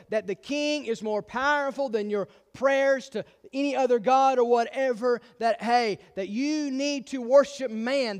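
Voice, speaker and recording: Pastor guy preaching hard, really high voice for a man, keeps restarting his words. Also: smooth. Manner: emphatic preaching with repeated restarts. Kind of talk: sermon.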